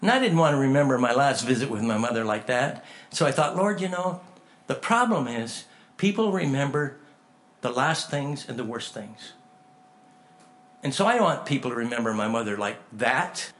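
A man preaching a sermon in a folksy, animated storytelling way, acting out conversations as he tells them. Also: medium pitch, moderate pace. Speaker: pastor.

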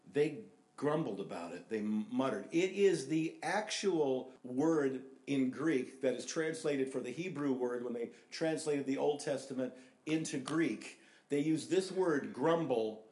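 An older American man preaching a sermon with emphasis, repeating key phrases and swinging between loud and hushed delivery. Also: mid-range voice. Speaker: pastor. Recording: echoey room.

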